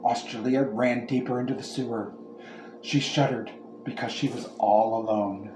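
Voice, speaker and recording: A man narrating a comic horror story in a dry, deadpan manner. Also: medium pitch, normal speed, noisy background. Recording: echoey room with faint ambience.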